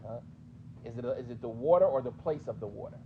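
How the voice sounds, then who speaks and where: A man's voice: medium pitch, quick pace, narrow, tinny audio, slight background noise. A man with a New York accent teaching a mosque class, questioning his students in a conversational way. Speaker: teacher explaining hadith.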